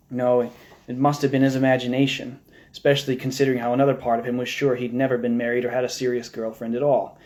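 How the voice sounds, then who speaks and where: A man reading a novel aloud in a steady, measured narration. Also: mid-range voice. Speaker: novel reader. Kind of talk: live audiobook reading.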